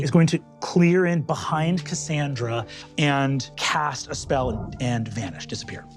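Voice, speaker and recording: A man running a tabletop game as game master, narrating quickly and vividly with bursts of energy. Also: a little high. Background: music.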